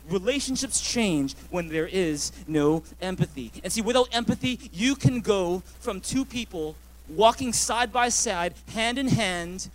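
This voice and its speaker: Male pastor, high-pitched, preaching in an animated storytelling manner. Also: moderate pace. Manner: storytelling with acted-out dialogue and congregation prompts. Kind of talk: sermon.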